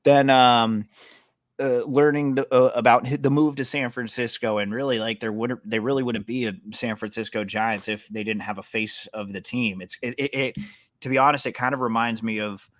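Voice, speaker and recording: A man's voice: mid-range voice, steady tone, moderate pace, no room sound, studio quality. A man co-hosting a sports podcast, talking casually with many fillers and restarts. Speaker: podcast co-host.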